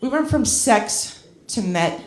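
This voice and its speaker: A woman's voice: a little high, animated, slow pace. Rambling, profane woman doing stand-up. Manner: rambling, self-deprecating, profane, with rising exclamations in acted asides. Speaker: stand-up comedian. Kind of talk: stand-up comedy set. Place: comedy club stage with a laughing audience. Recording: roomy club sound with crowd laughter.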